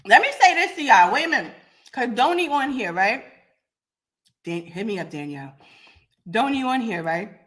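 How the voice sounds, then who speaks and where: Raspy blunt woman podcast host. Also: on the high side, very animated, normal speed, long pauses, fairly bright tone. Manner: blunt, confrontational, addresses chat by name. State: getting over a cold. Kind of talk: live-stream talk to commenters.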